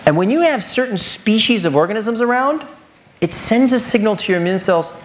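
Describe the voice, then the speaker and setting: A man giving a lecture presentation as a nutritionist, animated, firing rhetorical questions and addressing the audience directly. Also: high-pitched, fairly quick.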